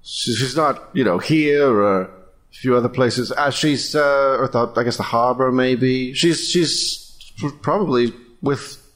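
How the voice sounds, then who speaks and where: A man's voice: medium pitch, unhurried, fairly bright tone, close to an everyday voice. A man voicing a nervous townsman in a put-on British accent, stammering and hesitant, in a remotely recorded tabletop role-play. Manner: hesitant, stammering, full of ums. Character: nervous townsman hiding in a tavern.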